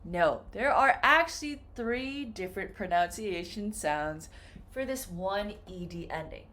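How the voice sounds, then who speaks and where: Slow, lively woman teaching English. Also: medium pitch. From United States. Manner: slow, clearly modeled example words. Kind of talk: classroom lesson on pronunciation.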